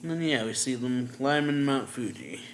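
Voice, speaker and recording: A man's voice: medium pitch, moderate pace, slight background noise. A man casually recapping a manga chapter as a reviewer, retelling scenes with "and then he's like" and chuckling often.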